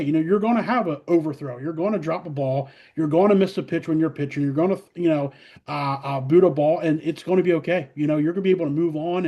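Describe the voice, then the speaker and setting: Upbeat, fairly high-voiced man talking shop. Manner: energetic, quick storytelling with many fillers and restarts. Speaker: college softball head coach, guest. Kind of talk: casual interview talk.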